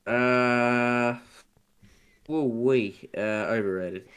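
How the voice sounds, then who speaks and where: A man's voice: mid-range voice, extremely slow, fairly bright tone, clear, resonant tone. Laid-back male podcast co-host. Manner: laid-back, short offhand replies. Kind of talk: casual podcast chat.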